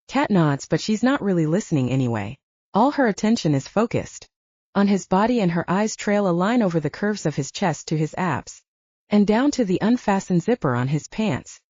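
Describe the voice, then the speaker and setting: Woman, audiobook narration, expressive, low mellow voice, dry close mic, dull lo-fi sound. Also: moderate pace, dry recording.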